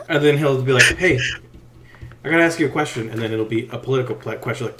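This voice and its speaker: A man's voice: medium pitch, steady tone, brisk, roomy sound, noisy background. A man co-hosting a podcast, chatting casually with sarcasm, profanity and laughter. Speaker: podcast co-host. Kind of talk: casual chat.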